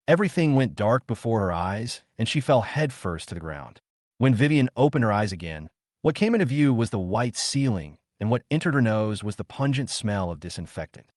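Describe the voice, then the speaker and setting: Man narrator for a manhwa recap, low and lively in pitch, dry studio sound. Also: normal speed, no room sound.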